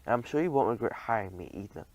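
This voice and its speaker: A man's voice: mid-range voice, expressive, a little fast, close to an everyday voice, poor audio. A man reads a cheerful young male French mouse butler from a storybook. He talks eagerly and confidently, chatting along in a mid-range voice.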